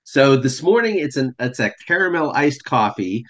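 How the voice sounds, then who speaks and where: A man's voice: mid-range voice, sing-song, moderate pace, fairly bright tone. A man from Texas, a guest on a podcast, talking in an easygoing way. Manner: easygoing, with fillers and restarts. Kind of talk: casual podcast chat.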